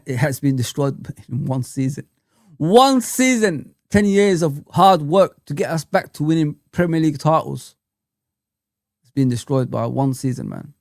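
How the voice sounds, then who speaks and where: A man's voice: mid-range voice, vocal fry, darkish tone, no room sound, studio quality. A man hosting a football fan live chat, ranting in an exasperated way and repeating himself for emphasis. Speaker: fan channel host.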